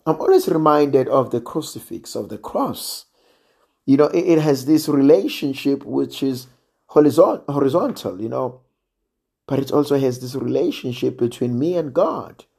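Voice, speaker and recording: A man preaching a sermon in a slow, measured way, sometimes dropping almost to a hush for emphasis. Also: mid-range voice, animated, vocal fry, breathy edge. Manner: slow and measured, drops to near-quiet emphasis.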